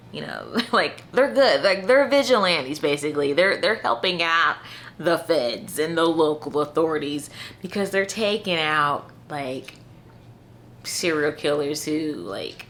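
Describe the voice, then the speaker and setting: Low-voiced, unhurried woman chatting about books. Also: fairly bright tone, a little hiss or hum. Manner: chatty, full of "like" and "you know"; earnest, heartfelt enthusiasm. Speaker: book reviewer. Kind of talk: casual book review chat.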